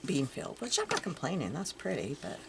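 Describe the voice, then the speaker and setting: Chatty low-voiced older woman, lively. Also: brisk, vocal fry. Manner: chatty, musing aloud, drifting into soft murmurs. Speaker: crafting vlogger. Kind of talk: casual show-and-tell chat. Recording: audible background noise.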